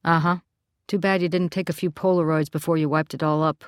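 A woman reading the lines of a calm, matter-of-fact male county deputy in an audiobook, in a level, unhurried manner. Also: sits low, smooth, no echo, clean studio sound, natural voice.

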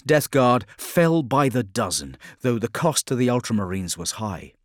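A man reading a dramatic action story aloud as a narrator, in a measured, steady delivery. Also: mid-range voice, no echo, studio quality. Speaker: audiobook narrator. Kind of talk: scripted narration.

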